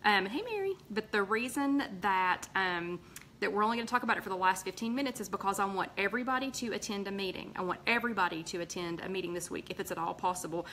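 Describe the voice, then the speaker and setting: A woman's voice: fast, slight background noise. A woman hosting a casual live chat, greeting viewers by name between sentences. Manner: lively pitch jumps on greetings. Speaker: host of a live weight-loss chat. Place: home room with tall windows.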